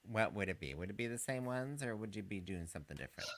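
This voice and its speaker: A man's voice: fairly low pitch, expressive, quick pace, fairly bright tone. A man from Canada co-hosting a drag podcast, theatrical and exclamatory in casual chat over a video call.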